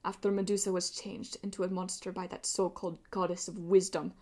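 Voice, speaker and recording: A woman's voice: on the low side, flat delivery, brisk, darkish tone, close to an everyday voice. A woman reading an audiobook and voicing a bitter, arrogant male pirate villain who sneers and drops into hissing whispers. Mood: sneering.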